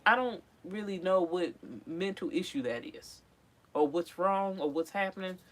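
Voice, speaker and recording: A woman vlogger from Philadelphia chats casually and animatedly while sorting old things in her tiny home on wheels, breaking into snippets of song. Her voice is lowish, at normal speed.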